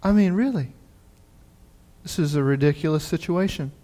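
A man preacher giving a sermon in an animated, conversational storytelling way. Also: on the high side, normal speed.

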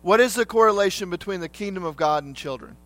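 A man with a fairly high voice preaches a sermon, talking to his listeners as if in conversation. He often checks in with them through quick questions. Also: fairly bright tone, soft background music.

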